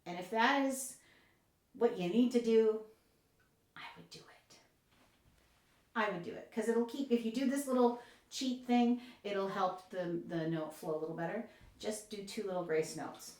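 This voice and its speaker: A woman's voice: medium pitch, moderate pace, darkish tone. A woman oboe professor giving an encouraging, explanatory music lesson. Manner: encouraging, explanatory, with light laughs. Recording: echoey room.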